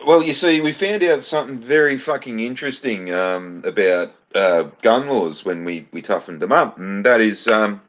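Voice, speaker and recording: A man's voice: lowish voice, moderate pace, few pauses, a bit bright, lo-fi sound. A man co-hosting a casual stream, sarcastic and swearing freely. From Australia. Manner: profane, sarcastic. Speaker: co-host. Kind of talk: casual banter chat.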